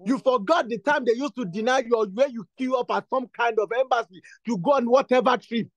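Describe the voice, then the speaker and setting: A man with a very high voice leads a prayer meeting, pressing the same phrases again and again and rising into fervent bursts. His voice sounds dry and close, with no room echo. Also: brisk. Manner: repetitive, insistent, builds to fervent bursts. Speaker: prayer leader. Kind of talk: exhortation and spoken prayer.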